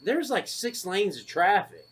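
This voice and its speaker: A man co-hosting a podcast, telling a casual story full of profanity and acting out his own shouted lines. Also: high voice, measured pace, slightly rough. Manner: profane, animated, acts out shouted quotes. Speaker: podcast co-host.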